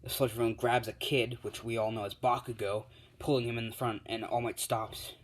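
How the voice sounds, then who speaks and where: A man's voice: mid-range voice, little pitch movement, brisk, rough recording. Rambling man telling a story. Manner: rambling, many fillers. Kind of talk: casual improvised storytelling.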